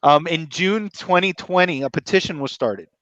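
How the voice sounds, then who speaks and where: A man's voice: on the high side, normal speed, a bit bright, dry recording. A man co-hosting a podcast, retelling cryptid lore in a rambling, enthusiastic, casual way. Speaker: podcast co-host. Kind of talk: casual chat. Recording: dull lo-fi mic.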